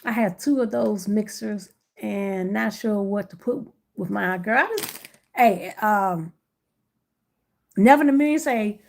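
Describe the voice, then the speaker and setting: A woman's voice: mid-range voice, measured pace, gravelly. A middle-aged woman chatting casually on a live stream, greeting viewers by name while she works on gift baskets indoors.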